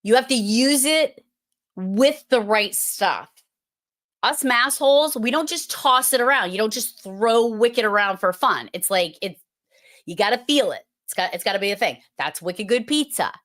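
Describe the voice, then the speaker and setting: A woman's voice: fairly high pitch, animated, normal speed, fairly bright tone. A middle-aged woman, a host telling stories and giving a playful, chatty talk. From Massachusetts. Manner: storytelling, playful and chatty, with filler words. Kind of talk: casual presentation.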